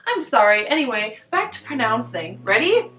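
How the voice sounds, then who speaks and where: A woman giving a casual book review at home, excitable and rambling, with lots of "like" fillers. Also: fairly high pitch, normal speed, roomy sound. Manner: excitable and rambling, heavy use of "like". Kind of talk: casual book talk vlog. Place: top-floor apartment at home.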